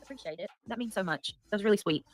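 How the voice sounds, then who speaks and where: A woman's voice: mid-range voice, rapid-fire, no room sound, faint music behind. A woman chatting casually on a livestream, reading out and thanking donations.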